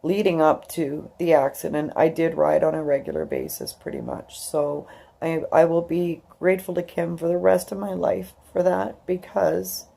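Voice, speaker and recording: A woman in her fifties cries as she talks to her YouTube viewers in an emotional personal vlog, rambling and using lots of fillers. Her voice sits low with vocal fry, mellow and at a moderate pace.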